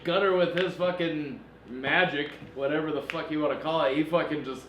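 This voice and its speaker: A man with a notably high voice chats on a podcast, telling a story with animated energy. He laughs often and swears freely. The room is echoey, with a faint hiss underneath. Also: brisk. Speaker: podcast co-host. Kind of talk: casual chat.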